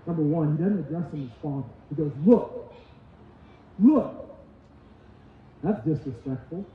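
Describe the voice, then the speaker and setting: A man's voice: on the high side, quick pace. A man preaching a sermon in a church, emphatic and repetitive. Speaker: pastor. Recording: echoey hall, tinny lo-fi sound.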